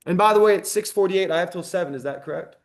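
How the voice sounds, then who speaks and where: A man giving a public library history lecture, talking in a conversational, animated way with frequent ums. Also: high-pitched, quick pace.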